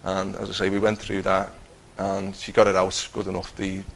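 A middle-aged man telling his personal Christian testimony in an earnest, halting way, with many restarts. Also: low-pitched, monotone, gravelly, slight background noise, poor audio. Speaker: Christian teacher giving testimony.

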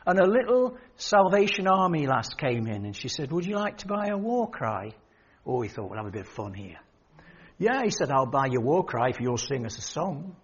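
A man's voice: medium pitch, sing-song, normal speed, husky. An older man preaching a sermon, telling stories and quoting the people in them. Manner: storytelling, quoting others, rising emphasis. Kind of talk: sermon with anecdotes. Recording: dull lo-fi sermon recording.

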